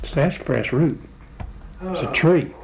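A man's voice: on the high side, animated, slow, creaky, background noise. An older man, chatting casually as the interviewee in a folksy, rambling, plainspoken way. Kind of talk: casual chat.

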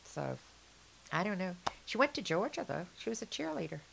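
A woman's voice: mid-range voice, very animated, normal speed, vocal fry, fairly bright tone, a little hiss or hum. An older woman with a Southern US accent, chatting frankly and laughing easily in an oral-history interview.

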